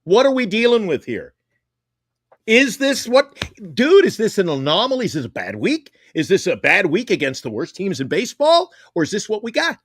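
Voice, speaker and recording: A man's voice: high-pitched, wildly swooping pitch, moderate pace, no room sound, studio quality. A man co-hosting a sports talk show, talking in an emphatic, heated way and swearing.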